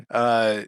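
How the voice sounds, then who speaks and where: A man co-hosting a podcast, telling a long anecdote in a casual, profane and animated way, acting out the lines people said. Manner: animated, profane, acts out quotes. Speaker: podcast co-host. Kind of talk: casual storytelling chat.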